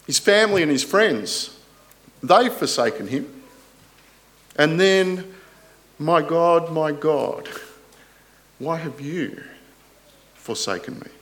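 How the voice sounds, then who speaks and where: A man preaching a sermon in an earnest, deliberate way, rising loud on quoted scripture and dropping soft at the ends of phrases, with rhetorical questions. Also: on the high side.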